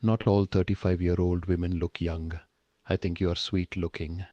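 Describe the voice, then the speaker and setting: A very deep, dark-toned AI-voiced pushy lonely man with an Indian accent, pleading in broken English right up against the mic. The sound is dry and dull, like a lo-fi synthetic recording. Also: level tone, moderate pace, no room sound. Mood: clingy pushy. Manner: speaks low, close to the mic, broken English. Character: clingy, pushy lonely man chatting up a stranger.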